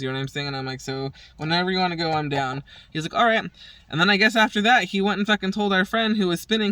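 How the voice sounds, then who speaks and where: A woman's voice: fairly low pitch, a bit bright, dry recording, distant mic. A woman hosting her own show, telling a rambling story in casual chat, swearing freely and acting out what everyone said. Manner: profane, acts out quoted dialogue, rambling. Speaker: podcast host.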